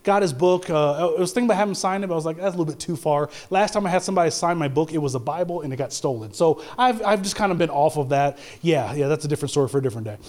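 A man's voice: a little high, expressive, rapid-fire, hardly any pauses, darkish tone. A man preaching a sermon in church, telling a funny personal story and building to emphatic preaching, acting out the lines he quotes. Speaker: pastor. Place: church with congregation.

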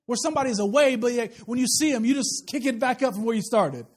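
A young adult man preaching a sermon in a conversational, animated way, acting out little asides for the congregation. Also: very high-pitched, quick pace, breathy edge. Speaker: pastor.

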